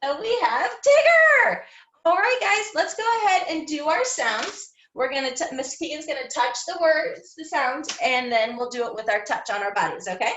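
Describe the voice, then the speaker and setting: A high, lively woman's voice leads a children's phonics lesson, drawing out each sound slowly and brightly. She speaks in an echoey room. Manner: slow, sing-song, sounding out each letter. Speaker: kindergarten teacher.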